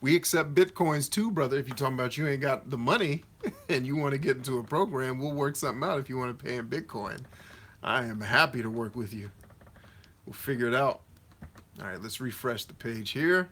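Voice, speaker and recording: Speaking a little fast at a medium pitch, with a fairly bright tone, a man runs a laid-back livestream Q&A. His delivery is that of a slangy motivational coach, reading comments from viewers out loud and answering each one in a chatty way.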